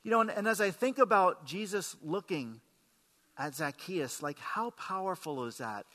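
Heard through long hall reverb, a pastor preaches a sermon as if chatting, regularly questioning the congregation. His high-pitched voice is expressive, bright and forceful, moving at a moderate pace.

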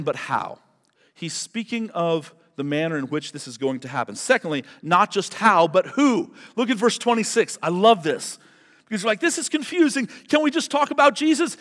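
High-voiced male pastor in a reverberant hall. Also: a bit bright. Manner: conversational, emphatic, repeats words for stress. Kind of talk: expository sermon.

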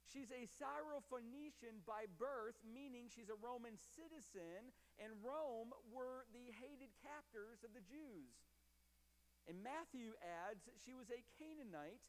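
A middle-aged man preaching a sermon, repeating phrases for emphasis and swinging from loud to hushed. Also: very high voice, big-room sound, poor audio. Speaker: pastor.

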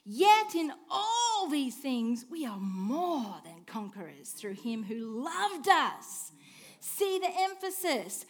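A woman preaching a sermon, asking rhetorical questions and swinging between hushed and emphatic lines. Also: sits high. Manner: expressive, swings from soft hush to emphatic declaring; slow, deliberate delivery with rhetorical questions.

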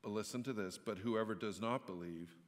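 A man's voice: lowish voice, a little fast, big-room sound. A man preaching a sermon in a church, telling a story in a conversational way and rising into emphatic outbursts. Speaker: pastor.

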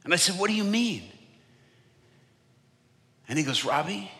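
A man preaching at a conference, telling a story that swings from hushed whispers to loud, impassioned bursts. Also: high voice, big pitch swings, measured pace, pauses often. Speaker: evangelist. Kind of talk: sermon storytelling. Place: conference stage. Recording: large hall with long reverb.

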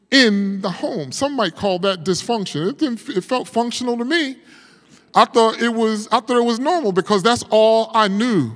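High-voiced pastor preaching in an echoing hall. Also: male voice. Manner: emotional storytelling, swings from hushed to loud. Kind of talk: sermon.

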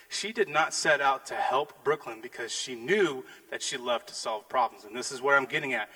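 A middle-aged man, a pastor, preaching a sermon and telling a family story with animated acted-out lines. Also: medium pitch, rough recording. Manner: animated storytelling, acting out his daughters' lines.

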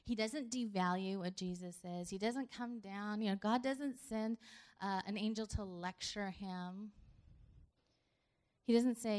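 A woman giving a sermon in a conversational tone, talking to the congregation like friends. She moves between hushed, gentle moments and forceful, emphatic stretches. Her pitch sits in the middle for a woman. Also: unhurried. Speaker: preacher.

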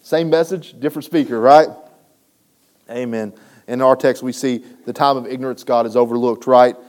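A man's voice: mid-range voice, steady tone, moderate pace, darkish tone. A man preaching a sermon, building emphasis and checking in with the congregation. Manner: preaching with rising emphasis and frequent "right?" asides. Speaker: pastor.

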